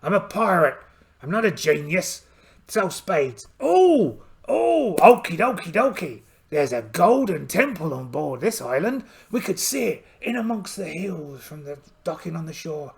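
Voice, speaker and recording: Guy doing a gravelly one-eyed pirate captain, polite but boastful, swoops high and low all over. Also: lively intonation, moderate pace. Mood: hearty. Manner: theatrical, exclaiming "Oh!" often. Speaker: solo tabletop game player. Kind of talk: in-character solo game narration.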